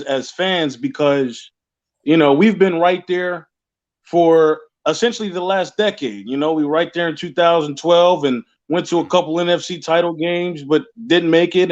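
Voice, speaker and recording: Male caller, high voice, rambling and repetitive, muffled lo-fi line. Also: measured pace. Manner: rambling, repeats words and restarts often. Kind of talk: casual call-in chat.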